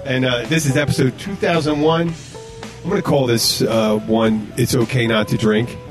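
A man's voice: medium pitch, fairly even intonation, moderate pace, music in the background. A man from Minnesota hosting a casual podcast chat, rambling and acting out his customers' lines. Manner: rambling, acts out customers in voices. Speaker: podcast host, bartender.

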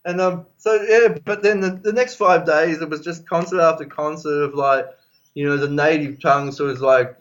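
A man's voice: on the high side, steady tone, normal speed, dull audio. A man with an Australian accent, a podcast guest telling rambling stories in casual chat, swearing freely and laughing as he goes. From Melbourne, Australia.

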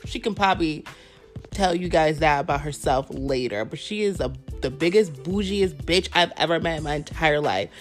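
A woman's voice: deep voice, moderate pace, faint music behind. A woman in her twenties chatting casually to her viewers, telling a story bluntly with plenty of swearing while she snacks. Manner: blunt, profane, animated retelling. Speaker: vlogger.

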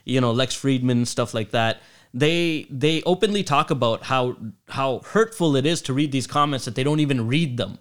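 A man's voice: medium pitch, normal speed. A man in casual podcast chat, explaining ideas and thinking aloud with restarts.

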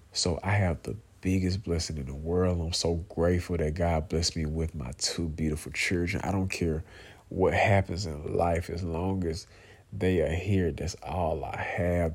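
Deep-voiced emotional man, earnest and halting. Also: darkish tone, husky. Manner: earnest, halting, restarts and repeats phrases, many "you know" and "man". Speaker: vlogger, father speaking to viewers. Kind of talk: personal heartfelt monologue.

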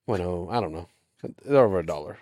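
A man's voice: deep voice, animated, fast talker, no room sound. Profane joking podcast guy, dry close mic. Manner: loud, profane, joking, mimics voices in quoted bits. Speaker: podcast co-host. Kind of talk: casual chat.

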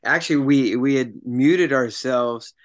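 A man hosting an interview over a video call, friendly and full of praise. His pitch sits in the middle of the range, and his tone is relaxed and conversational. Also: measured pace. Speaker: host. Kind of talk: casual interview chat.

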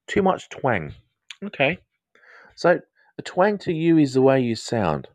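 A man's voice: mid-range voice, huge pitch swings, a little slow, dry recording. A man hosting a live counselling chat, rambling and playful, with frequent restarts and jokes. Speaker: counselling host of a live audio show.

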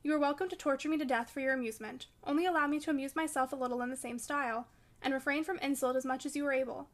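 A woman's voice: high-pitched, fairly even intonation, rapid-fire, natural voice. A woman reading the part of a brooding, vengeful young man in an audiobook, with bitter, defiant lines.

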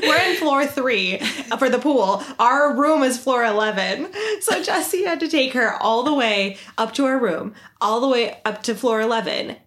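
High-voiced woman telling a story. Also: moderate pace, hardly any pauses. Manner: animated storytelling, laughs often. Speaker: podcast co-host. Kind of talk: casual chat.

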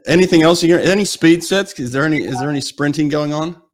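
A man's voice: fairly high pitch, quick pace. Middle-aged male host, casual, jokey, chatty. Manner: jokey, chatty, laughs easily. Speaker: podcast host. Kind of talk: casual interview chat.

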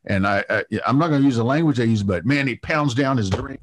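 A middle-aged man recounts a story as an interview guest, voice at an ordinary pitch. He stumbles through fillers and repeated words, then pushes on eagerly. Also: fast talker, hardly any pauses. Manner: animated anecdote-telling with many fillers and restarts. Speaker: TV producer guest.

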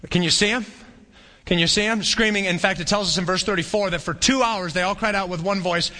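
A male pastor preaches with a bright, forceful voice that sits a little high for a man. He is conversational and animated, and he now and then acts out the voices of a crowd. His voice carries a long reverb from a church hall. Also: a little fast. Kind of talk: sermon.

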